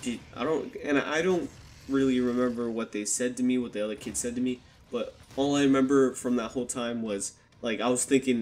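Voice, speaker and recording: A man's voice: medium pitch, a little fast, a little mellow. A young man talks straight into a desktop microphone and tells a story from his childhood. He keeps it casual and swears a lot. He slips into the voices of the people in the story as he goes. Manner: casual, swears heavily, acts out quotes. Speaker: YouTuber telling a personal story. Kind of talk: storytime vlog. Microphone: desktop USB microphone.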